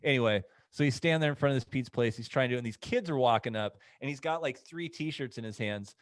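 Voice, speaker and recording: A man's voice: medium pitch, quick pace, no echo. A man co-hosting a casual podcast chat, telling a story in a laid-back way. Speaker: podcast co-host.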